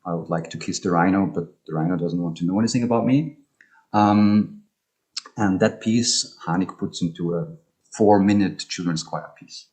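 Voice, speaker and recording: A man with a very low voice presents an academic talk over a video call. He speaks hesitantly, pausing on ums and restarting phrases as he explains. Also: a little mellow. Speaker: speaker presenting on music and poetry.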